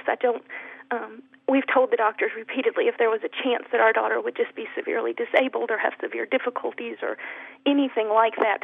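A woman calling in to a radio show, speaking softly and haltingly with many pauses. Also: fairly high pitch, gravelly, breathy edge, no echo. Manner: soft, halting, many ums. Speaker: caller. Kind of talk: emotional phone-in call. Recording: tinny phone line.

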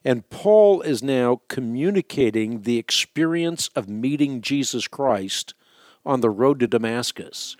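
A man hosting a call-in radio show, explaining Bible questions to callers in a measured, teacherly way. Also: mid-range voice, lively intonation, a little mellow, no room sound, studio quality.

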